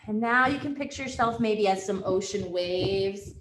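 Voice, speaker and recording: Woman leading a gentle family yoga class from home, calm and easy. Mid-pitched voice, roomy room sound. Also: moderate pace. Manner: gentle, calm instructions with soft laughs. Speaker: yoga teacher. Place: at home, with a dog nearby. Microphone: webcam on a video call. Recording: roomy home room with faint background noise.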